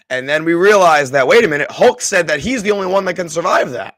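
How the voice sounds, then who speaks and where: A man's voice: on the high side, lively intonation, fairly quick, fairly bright tone, no room sound. A man hosting a live stream, talking through a film with his chat in an effusive, emotional way, with many restarts. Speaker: streamer and host. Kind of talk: live movie discussion with chat.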